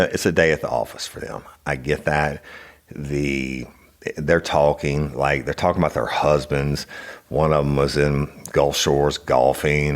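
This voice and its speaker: A middle-aged man, telling a personal story on his podcast in a blunt, profane, rambling way. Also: a bass voice. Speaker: podcast host. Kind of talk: casual storytelling.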